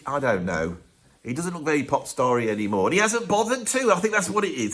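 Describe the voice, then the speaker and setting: Animated chatty male commentator. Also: mid-range voice. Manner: chatty, opinionated, joking asides. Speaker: music commentator and host. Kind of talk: casual ranked commentary monologue.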